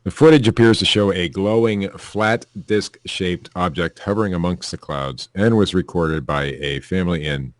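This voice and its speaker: A man's voice: deep voice, moderate pace, hardly any pauses, no echo. A man co-hosting a casual comedy podcast, reading news stories aloud with offhand jokes and chuckles.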